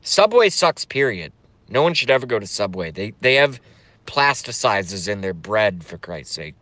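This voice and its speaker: A man ranting angrily and profanely while reading viewer comments, swinging between yelling and mumbling. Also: lowish voice, lively intonation, normal speed, no room sound. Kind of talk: angry political rant and comment reading.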